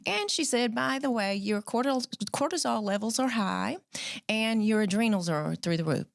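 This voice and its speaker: Woman in her fifties, podcast host, chatty and animated, dry close sound. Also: a little high, normal speed, creaky, no echo. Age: 50s. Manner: chatty, animated storytelling with frequent restarts. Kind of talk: casual chat.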